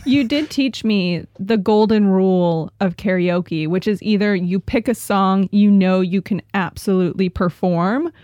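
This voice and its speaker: A woman's voice: medium pitch, measured pace, hardly any pauses, warm tone, no echo, clean studio sound. A woman co-hosting a podcast in casual chat, giggly and playful. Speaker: podcast co-host.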